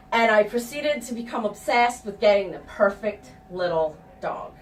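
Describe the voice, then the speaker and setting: A woman's voice: medium pitch, expressive, normal speed, hardly any pauses, slight background noise. A middle-aged woman telling a personal story live on stage, frank and profane and laughing at herself. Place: stage before a live audience. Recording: echoey room, distant mic, faint ambience.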